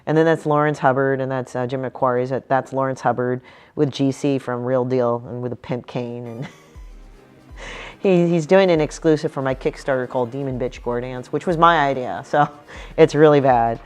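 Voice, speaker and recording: With faint music in the background, a woman speaks at a moderate pace in a very deep, slightly mellow voice. She's a comic artist casually discussing her book, profane and direct, frequently voicing the people she quotes.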